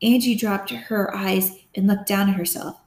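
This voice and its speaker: A woman's voice: mid-range voice, steady tone, normal speed, darkish tone. Woman narrating a novel, roomy echo. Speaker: audiobook narrator. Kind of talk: scripted narration.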